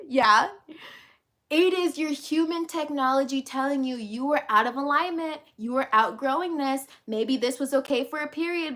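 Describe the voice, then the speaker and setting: A high-pitched woman coach talks straight to her viewers in a motivational vlog. She hammers her points home by repeating them and keeps the tone casual, swearing now and then. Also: moderate pace, pushed and bright. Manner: emphatic and repetitive, casual with swearing. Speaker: life and business coach.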